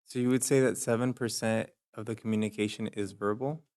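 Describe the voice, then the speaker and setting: A man's voice: lowish voice, steady tone, brisk, a little mellow, no room sound. A man on a city council asking questions and reflecting on himself in a hesitant way.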